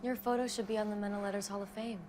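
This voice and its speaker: An actress playing a young female hunter who talks in a brisk, questioning way. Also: medium pitch, flat delivery, lightly acted. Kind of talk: TV drama acting. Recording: noisy TV clip audio.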